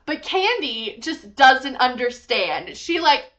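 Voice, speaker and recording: A woman's voice: high voice, sing-song, takes it slowly, bright, forceful tone. A woman hosting a commentary video, chatty and casual, swearing and laughing as she talks. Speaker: commentary host. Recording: dull lo-fi mic.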